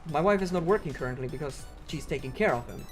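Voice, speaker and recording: A man's voice: on the high side, animated, fast, faint music behind. A man, rambling and ranting in casual chat while streaming a game, full of fillers. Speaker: speedrunner streamer.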